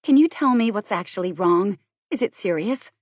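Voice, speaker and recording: A woman voicing an anxious, impulsive young woman who asks quick, questioning things, for an audiobook. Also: medium pitch, expressive, dry recording, clean studio sound, pitched above the performer's own voice, close to an everyday voice.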